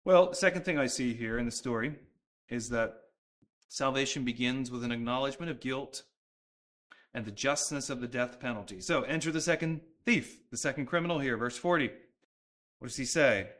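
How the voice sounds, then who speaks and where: A man's voice: medium pitch, moderate pace, fairly bright tone. A man preaching a sermon, talking earnestly and conversationally and often restarting his sentences. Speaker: pastor.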